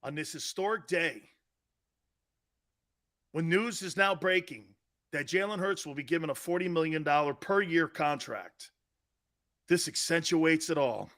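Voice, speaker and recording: A man hosting a sports talk show, ranting with mock excitement and sarcasm and breaking into shouts. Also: on the high side, measured pace, long pauses. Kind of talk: sports talk radio rant.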